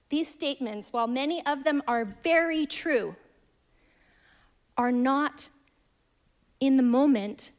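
Woman, thirties, preacher, sermon, earnest storytelling, slightly high voice. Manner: earnest storytelling, dynamic shifts from emphatic to hushed.

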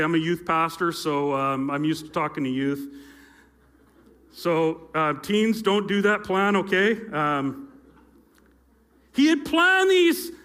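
On a church stage facing a live audience, a middle-aged youth pastor with a high-pitched, fairly bright voice tells a story as part of his sermon. He makes playful asides to listeners, using a handheld or stage mic with feedback.

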